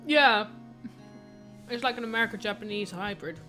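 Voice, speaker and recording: A woman's voice: mid-range voice, normal speed, bright, forceful tone. A woman streaming a game, reading the dialogue aloud in her own voice and chatting about the story. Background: faint game music.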